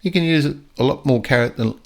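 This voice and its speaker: An older man talking casually on a podcast, with a voice of middling pitch. He spins stories and jumps into quick voices for the dogs and people he describes. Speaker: podcast guest storyteller and dog trainer. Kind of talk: casual chat.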